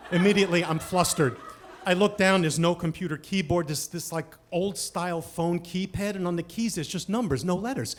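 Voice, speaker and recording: Brief: man, high voice, live comic storytelling, self-mocking, big dynamic swings. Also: normal speed, slight background noise. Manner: animated and self-mocking, swinging from hushed asides to shouted punchlines.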